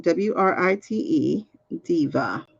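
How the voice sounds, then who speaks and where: A woman's voice: fairly low pitch, animated, slow pace, creaky, breathy edge, dull audio. A woman reading cards on a live stream, chatting casually and muttering to herself while she sorts out links. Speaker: live card reader. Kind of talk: casual livestream chat.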